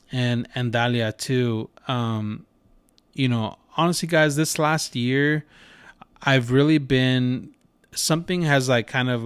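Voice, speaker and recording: A man's voice: mid-range voice, clean tone, no echo. A man in his thirties hosting a podcast, telling a family story in a casual, earnest way with many fillers, on a close microphone. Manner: conversational and earnest, lots of fillers. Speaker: podcast host.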